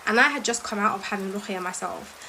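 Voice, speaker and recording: A woman tells a story quickly and with emphasis, now and then reciting verses at speed. Her voice is bright and forceful, with a faint hiss of noise behind her. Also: mid-range voice, low-quality recording. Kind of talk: casual storytelling.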